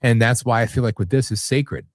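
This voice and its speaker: A man's voice: mid-range voice, a little fast, dry recording. A man hosting a live talk radio show, ranting bluntly with plenty of profanity. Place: radio studio.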